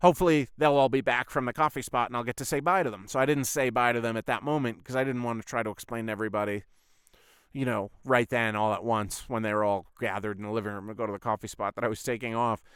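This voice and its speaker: On his own podcast, a man talks fast in a mid-range, steady, fairly bright voice, spinning a long, rambling personal story. The casual monologue is full of swearing and "I was like" moments. The sound is clean, dry, and studio quality.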